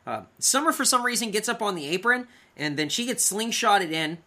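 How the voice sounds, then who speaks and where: A man co-hosting a podcast, recapping wrestling matches in casual chat and acting out the wrestlers' lines in loud bursts. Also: high-pitched, animated, a little fast. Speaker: podcast co-host.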